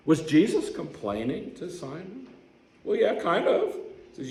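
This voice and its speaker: A man's voice: fairly high pitch, big pitch swings, a little slow, creaky, darkish tone, reverberant, low-quality recording. A man preaching a sermon as a pastor, telling the story in a conversational way and putting questions to the congregation. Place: church sanctuary.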